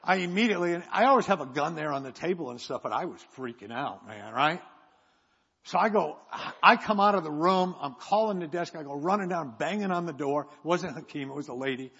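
A man with a husky, fairly high voice tells a rambling, self-mocking story from the pulpit. His words ring out into a large hall with a long echo, and the sound is slightly muffled. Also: animated, brisk, fairly bright tone. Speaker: preacher. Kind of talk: sermon storytelling. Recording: echoey hall, dull sound.

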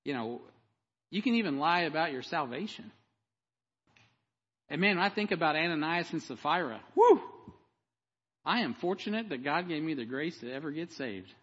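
Bright, high-voiced impassioned preacher man. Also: animated, moderate pace, husky. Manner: impassioned, swinging between loud emphasis and hushed storytelling. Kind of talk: sermon. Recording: dull, echoey hall.

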